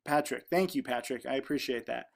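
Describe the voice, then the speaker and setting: A man's voice: mid-range voice, fairly quick, vocal fry. A man in his thirties with a casual vlog voice, reading viewer comments aloud and reacting to them in a frank, rambling way with many fillers.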